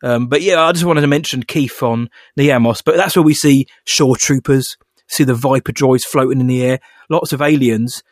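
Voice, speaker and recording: A man's voice: mid-range voice, moderate pace, no echo. Man, casual podcast chat, rambling, laughing, dry close sound. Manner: chatty, laughing, rambling with fillers. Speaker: podcast co-host.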